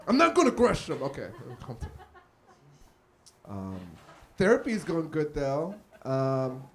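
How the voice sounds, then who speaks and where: High-voiced man doing animated stand-up. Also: slow pace. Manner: animated, acts out characters in his stories. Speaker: stand-up comedian. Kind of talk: live stand-up comedy set. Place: small cafe comedy stage.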